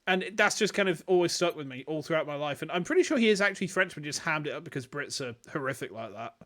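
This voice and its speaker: A man's voice: fairly high pitch, lively intonation, fast, a bit bright. A man streaming a game in casual chat, joking, swearing and laughing often.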